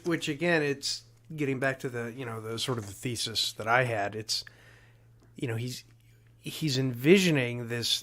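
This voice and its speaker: A man co-hosting a podcast who talks through his ideas about a film in a halting way, with frequent restarts. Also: mid-range voice. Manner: halting, restarts often while building an argument. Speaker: podcast co-host. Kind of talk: casual film-discussion chat.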